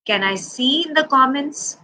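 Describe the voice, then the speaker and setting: A woman tells a children's story in a high, bright voice. She speaks slowly and animatedly, often turning to the children with questions, like a preschool teacher at story time. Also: rough recording. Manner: animated, addresses children directly.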